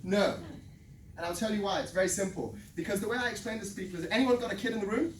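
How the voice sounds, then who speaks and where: Energetic sales trainer in an echoey room. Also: medium pitch, quick pace, slight background noise. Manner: energetic storyteller, keeps asking "right?". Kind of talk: live workshop talk to a room. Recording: echoey room, mic at a distance.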